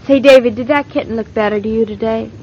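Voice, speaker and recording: An actress voicing a lively, teasing young wife in an old radio drama. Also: female voice, on the high side, fast, slight background noise, close to an everyday voice. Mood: playful. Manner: bright, teasing and eager. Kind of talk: 1940s radio acting. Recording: muffled old radio transcription.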